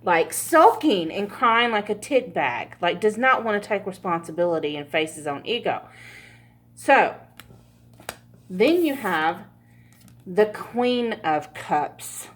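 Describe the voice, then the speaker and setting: A woman's voice: medium pitch, animated, slow. A woman giving a casual pick-a-card tarot reading, chatty and laughing often, with frequent swearing. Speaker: tarot reader.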